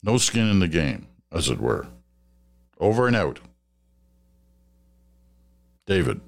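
Older Canadian man with a very low voice. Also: slow pace, vocal fry. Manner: relaxed, musing, chuckles often. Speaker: podcast host. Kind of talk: casual chat, reading listener letters.

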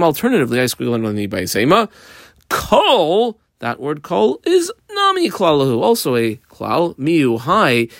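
A man teaching a Talmud page, explaining and questioning with animated energy. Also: mid-range voice, vocal fry, dry recording, studio quality. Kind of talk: daf yomi lesson.

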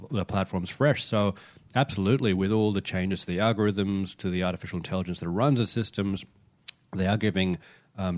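A man's voice: low-pitched, no echo. A man co-hosting a podcast, explaining at length in a casual way, with many fillers and restarts. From Britain or Commonwealth, says niche the non-American way. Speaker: podcast co-host.

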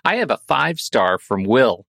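A man co-hosting a casual film review podcast, animated and laughing often. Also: medium pitch, normal speed, vocal fry, no echo, clean studio sound. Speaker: podcast co-host.

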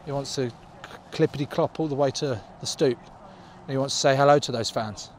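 A man's voice: medium pitch, moderate pace. A man gives a post-match interview outside, drifting into a playful ramble. Faint street noise sits in the background. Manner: rambling, joking about a horse. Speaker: rugby player in interview clip.

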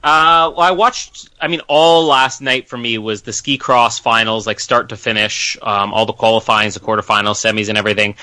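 A man's voice: fairly low pitch, steady tone, moderate pace, hardly any pauses, pushed and bright, dry recording. A man co-hosting a sports podcast, telling chatty stories and laughing often. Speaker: podcast co-host. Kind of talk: casual sports chat.

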